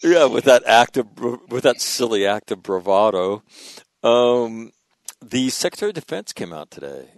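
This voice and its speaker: A man hosting a casual conversation, talking haltingly with many fillers and laughing often. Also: medium pitch, big pitch swings, no room sound. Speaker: podcast host.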